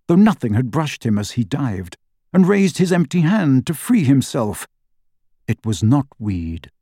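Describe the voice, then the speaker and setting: A male narrator reads a story in a measured, dramatic way. His voice sits in an ordinary middle pitch and the recording is close and dry, with no room sound around it. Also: warm tone, no room sound. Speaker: audiobook narrator. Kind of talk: scripted narration.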